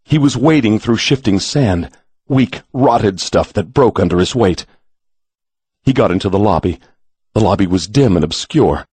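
Deep husky male storyteller. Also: darkish tone, dry recording. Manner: measured, dramatic storytelling. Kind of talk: audiobook narration.

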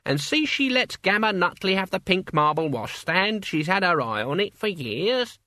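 A frail old witch woman, as a man reads her, brisk and fussy in a matter-of-fact way. Her voice rides high and swings widely, with a bright, sharp edge. The sound is dry and close. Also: very animated, no room sound, heavily acted. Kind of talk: audiobook character voice.

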